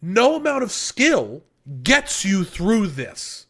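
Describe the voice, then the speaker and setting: Bright-voiced man ranting on a podcast. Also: high voice, huge pitch swings, slow pace. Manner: ranting, profane, exasperated. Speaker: podcast co-host. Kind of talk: casual podcast chat.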